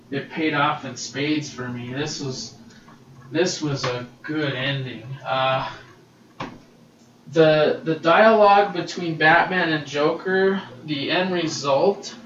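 A man's voice: fairly high pitch, fairly bright tone, a little hiss or hum. A man hosting a casual solo podcast, gushing and swearing freely as he reviews comics, recorded on a laptop's built-in mic. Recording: roomy, distant, dull laptop-mic recording.

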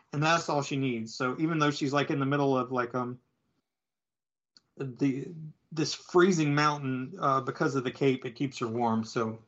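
A man's voice: mid-range voice, a bit bright. Man rambling through a comic recap. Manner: rambling, filler-heavy storytelling. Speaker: podcast co-host. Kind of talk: casual comic book recap. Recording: slightly dull lo-fi audio.

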